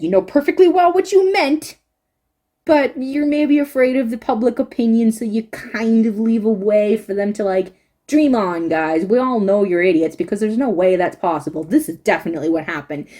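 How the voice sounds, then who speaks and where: A woman with a mellow, slightly high voice talks through a review in a loose, rambling way, leaning hard on repeated words. She sounds close to tears as she speaks. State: tearful, close to crying. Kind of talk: casual spoken review.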